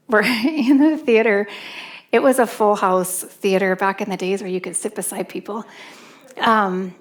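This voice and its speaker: A middle-aged woman from Canada preaching in a church on a handheld microphone, telling a personal story and acting out her gasps and wailing. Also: medium pitch. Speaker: pastor.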